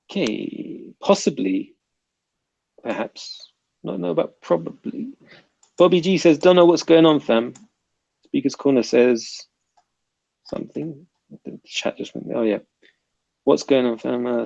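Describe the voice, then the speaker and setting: A man's voice: medium pitch, vocal fry, darkish tone, no echo, muffled recording. A man with a South London accent hosting a casual livestream, reading viewer comments aloud and bantering. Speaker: livestream host reading chat.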